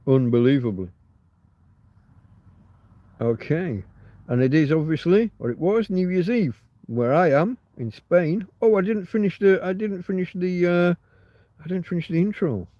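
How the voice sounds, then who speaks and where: A man's voice: high-pitched, expressive, measured pace, dry recording. Musing Englishman on a dull-sounding stream. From England. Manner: musing, self-interrupting, easily puzzled. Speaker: livestream host. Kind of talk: rambling live chat, reading comments aloud. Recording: slightly dull, lo-fi stream audio.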